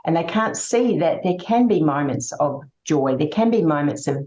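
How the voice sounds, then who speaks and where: Low-voiced woman in an echoey room. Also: expressive, normal speed, warm tone. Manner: reflective, hesitant with many fillers. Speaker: grief and happiness coach, guest. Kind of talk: conversational interview. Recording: echoey room, dull lo-fi sound.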